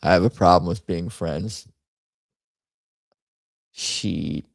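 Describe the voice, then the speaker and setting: A man's voice: sits low, very slow, gravelly, long pauses, no echo. A man hosting a casual livestream, rambling through memes with wry asides and frequent restarts. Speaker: host.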